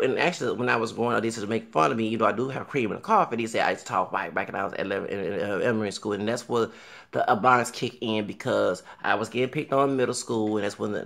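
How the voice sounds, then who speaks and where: Man, thirties, gravelly and bright, loose excitable solo commentary from a small room. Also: fairly low pitch. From Southern US. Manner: animated, breaks into singing and exclamations. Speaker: vlogger.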